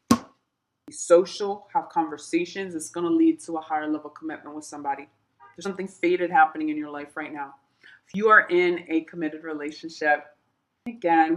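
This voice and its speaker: Woman doing a tarot reading, lowish voice, chatty and animated, keeps reassuring viewers. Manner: animated, with laughs and emphatic repeats. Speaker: tarot reader.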